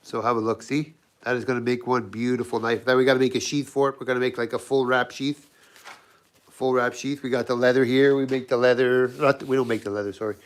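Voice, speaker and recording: On a relaxed livestream from his home workshop, a knifemaker who hosts the channel walks through his work in a voice made scratchy by a cold. The talk is loose and rambling with many restarted sentences, delivered fast in a mid-range voice with little pitch movement.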